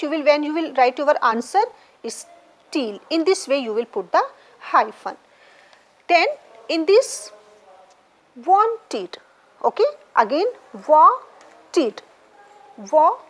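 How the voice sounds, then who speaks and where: A woman, teaching an exam lesson and patiently explaining syllables and stress, often repeating words. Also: high-pitched. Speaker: English teacher. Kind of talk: exam preparation lecture.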